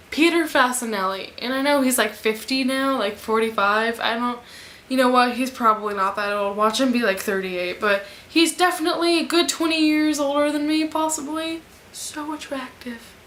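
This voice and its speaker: High-voiced young woman gushing in an echoey room. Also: a little hiss or hum. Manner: gushing, excitable fangirl chatter with gasps and squeals. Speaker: book vlogger. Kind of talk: casual vlog chat.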